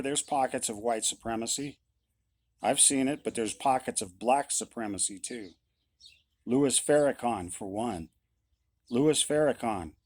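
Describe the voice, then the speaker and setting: Man, middle-aged, blunt, repeats his points, opinion monologue, medium pitch, dry room. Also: no room sound. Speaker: musician.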